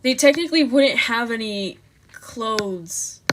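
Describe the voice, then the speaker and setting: Young female streamer, slightly high voice, giggly casual chat while drawing, faint hiss behind. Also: animated, slow pace. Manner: giggly, self-chatting, easily flustered. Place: bedroom at home.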